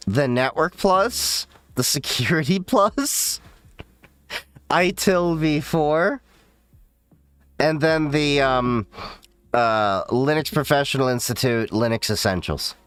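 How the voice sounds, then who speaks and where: A man hosting a relaxed livestream from home, drifting from topic to topic and swearing without a second thought. His voice is smooth and clean, and he takes his time over each phrase. Soft music plays quietly under him. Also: medium pitch. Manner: rambling, profane, reacts to viewer chat. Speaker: livestream host. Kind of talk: casual livestream chat.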